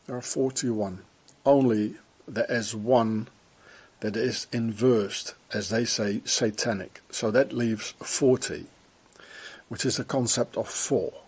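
A man's voice: fairly low pitch, slow pace, darkish tone, breathy edge. A man vlogging on a walk around town, rambling in a conspiratorial way as he points things out to a handheld camera. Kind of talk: walking commentary to camera.

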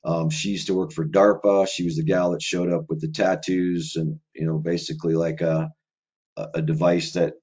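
Man guest, low deep voice, digressive run-on talk, slightly muffled lo-fi audio. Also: flat delivery, moderate pace, darkish tone, slightly rough. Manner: rambling, run-on delivery with many filler words. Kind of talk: casual conversational monologue.

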